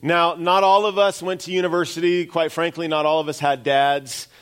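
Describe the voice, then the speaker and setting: A man's voice: a little high, little pitch movement, normal speed, a bit bright, clean tone. A middle-aged man preaching a sermon as pastor, in a conversational way with self-deprecating asides.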